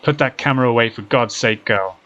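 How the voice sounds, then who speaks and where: A man's voice: medium pitch, brisk, muffled recording, lightly acted. Man doing an angry drawling Southern old-timer. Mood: scolding. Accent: American Southern. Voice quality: loud, drawling, shouting. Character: gruff older southern man, protective, enraged.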